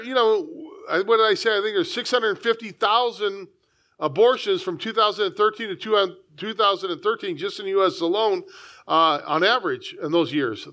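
A man with a notably high voice preaches a sermon. He speaks as a pastor, reading scripture and breaking into conversational asides. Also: a bit bright. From United States.

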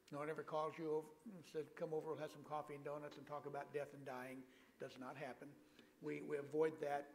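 A man's voice: fairly high pitch, in a large hall, slight background noise, low-quality recording. An older man preaching as a guest pastor in a church, speaking in a folksy way with self-deprecating humor. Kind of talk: sermon.

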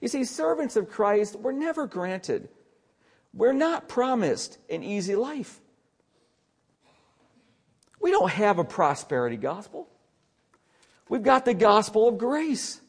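High-voiced earnest male preacher. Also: big pitch swings, slow pace, vocal fry, pauses often, slightly rough. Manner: earnest, emphatic preaching, drops to quiet asides. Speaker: pastor. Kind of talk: sermon.

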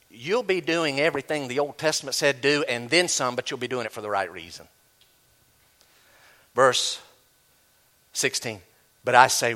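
A male pastor preaching a sermon, animated, acting out imagined voices as he teaches. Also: fairly high pitch.

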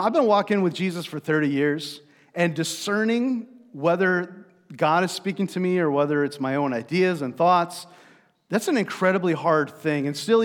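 Storytelling pastor in a reverberant hall. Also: male voice, a little high. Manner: conversational storytelling preacher, many fillers. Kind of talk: sermon.

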